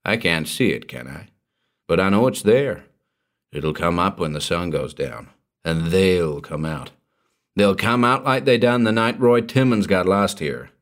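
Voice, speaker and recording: Man doing old mountain hermit, superstitious, slow hushed drawl, very deep voice, storybook reading. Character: old male backwoods hermit, superstitious, rustic.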